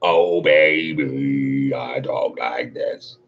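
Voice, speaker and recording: Give me a man doing a gravelly old blues singer crooning slowly and very deep. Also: dull audio, soft background music, full character voice.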